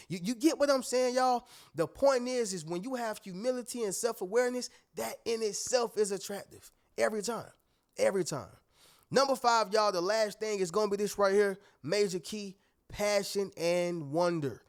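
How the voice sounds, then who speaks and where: A man's voice: high-pitched, moderate pace. A man giving a motivational talk straight to his viewers, emphatic and preachy, often checking that they are following. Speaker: motivational speaker.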